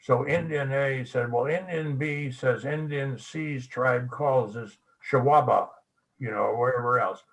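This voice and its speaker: A man's voice: mid-range voice, measured pace, fairly bright tone, poor audio. Older man telling folksy history stories. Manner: folksy storyteller, spells words out. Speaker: guest speaker. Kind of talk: anecdotal local history talk. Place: club meeting room.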